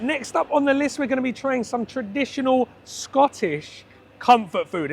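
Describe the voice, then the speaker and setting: A man's voice: high voice, a bit bright, slight background noise. A British man hosting a casual food vlog, chatty and upbeat as he talks to camera. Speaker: food vlogger host.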